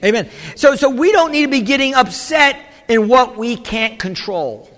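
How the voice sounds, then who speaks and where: A man's voice: very high-pitched, expressive, moderate pace, a bit bright. A man preaching a sermon in a church as the pastor, emphatic and often calling out "amen" to the congregation. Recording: reverberant church hall.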